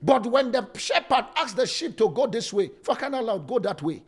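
Husky animated preaching pastor, man. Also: normal speed. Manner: preaching with sudden swings in loudness and pitch. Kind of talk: sermon.

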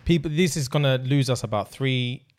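A young man from the UK co-hosting a crude casual podcast chat, laughing often and getting loud when joking. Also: medium pitch, moderate pace. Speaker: podcast co-host.

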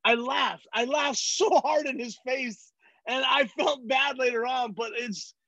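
A man from California with a strikingly high voice tells loud, profane stories and acts out other people's voices. He is a comedian guest, and he is recorded on a dull, dry track with no room sound. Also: steady tone, a little slow, vocal fry, dry recording. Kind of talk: casual chat.

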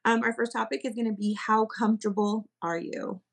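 A woman hosting a casual podcast chat, bubbly and quick to laugh. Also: on the high side, creaky. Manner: bubbly, giggly, animated. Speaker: podcast host. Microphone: streaming podcast mic.

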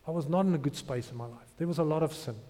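Guy preaching, fairly high voice, long echo off the hall, gets loud and emotional telling his story. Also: very fast. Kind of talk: sermon testimony.

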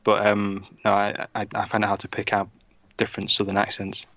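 A man's voice: lowish voice, monotone, brisk, vocal fry, fairly bright tone, dry recording. A man with a Northern English accent, joking wryly in a casual podcast chat. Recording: muffled lo-fi audio.

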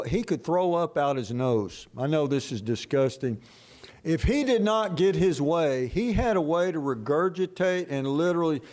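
An older man preaching a sermon as a pastor, telling stories in a folksy, animated way. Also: a little high.

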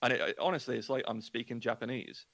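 An animated man with a Luton English accent tells stories in relaxed conversation. He slips into other people's voices as he talks. The sound is dry and close. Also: mid-range voice, fast talker, vocal fry, no echo. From England. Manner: chatty, animated storytelling with quoted voices. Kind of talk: casual chat.

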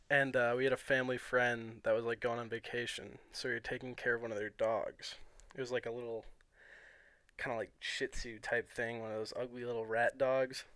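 A young man rambling through a story on a casual podcast, full of fillers and restarts. His voice sits at an ordinary pitch. The recording is dry and close, with no room sound. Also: clear, resonant tone, no echo. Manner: rambling, filler-heavy, chuckling between phrases. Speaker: podcast co-host.

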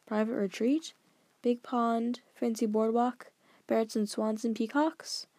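A woman voices a stern, formal old grandfather, speaking in a measured, grave, lecturing way, a bit lower and quieter than her narration. Her intonation is fairly even and the recording is dry.

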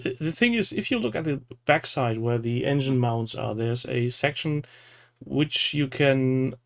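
A man co-hosting a podcast in casual chat, speaking hesitantly with frequent pauses. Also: mid-range voice, animated, vocal fry, fairly bright tone. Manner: slow and hesitant, many "uh" fillers. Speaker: podcast co-host.

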